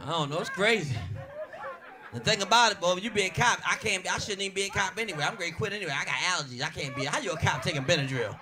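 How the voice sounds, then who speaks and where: High-voiced man doing crude stand-up. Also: racing, crowd noise. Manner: animated, crude, punchy storytelling. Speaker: stand-up comedian. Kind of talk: stand-up comedy routine. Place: comedy stage before an audience. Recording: live audience laughing.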